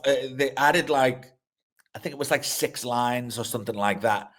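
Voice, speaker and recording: Casual interview chat comes from a middle-aged director and actor, a guest whose mid-range voice is a bit bright and moderately paced. He curses without restraint, restarts his sentences, and laughs in the middle of anecdotes.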